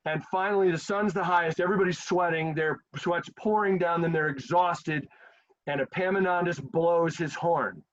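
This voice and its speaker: Animated male history teacher, lo-fi. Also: on the high side, moderate pace. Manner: animated, acts out quotes in a casual voice. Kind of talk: storytelling history lecture. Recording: dull lo-fi sound.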